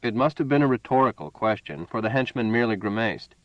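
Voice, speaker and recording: A man narrating a story in a measured, even reading style. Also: mid-range voice, no room sound. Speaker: audiobook narrator. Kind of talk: scripted narration. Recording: dull dry lo-fi recording.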